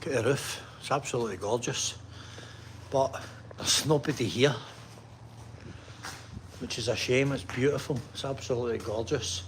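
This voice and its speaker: A man's voice: medium pitch, moderate pace, long pauses, a little hiss or hum. A man vlogging to camera, chatty and enthusiastic, often checking in with "right?". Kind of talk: walking vlog talk to camera.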